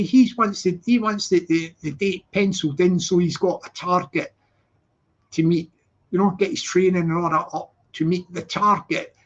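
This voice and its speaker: A man hosting a casual live stream, rambling and repeating words as he restarts his sentences. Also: sits high. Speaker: channel host. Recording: slightly dull lo-fi audio.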